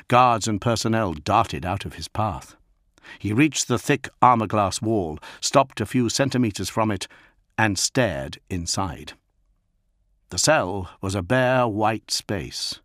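A man reading an audiobook as narrator, steady and measured. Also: lowish voice, no room sound, clean studio sound.

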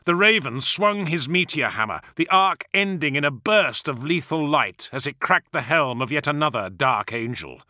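A man narrating an audiobook in a measured, dramatic way, with hushed asides. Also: a little high, expressive, no room sound, studio quality.

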